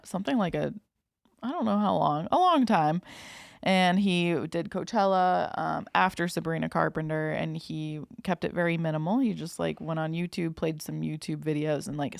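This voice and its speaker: A woman hosting a podcast in loose, joking chat that swears freely. Her low voice has a gravelly fry running through it. The sound is close and dry. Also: dry recording. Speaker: podcast host. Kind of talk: casual chat.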